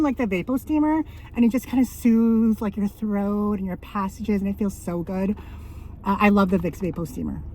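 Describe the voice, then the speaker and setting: A woman's voice: medium pitch, a little mellow, slight background noise. A woman in her thirties telling stories in a rambling, casual vlog, often correcting herself and laughing. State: out of breath. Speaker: vlogger. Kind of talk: casual chatty storytelling.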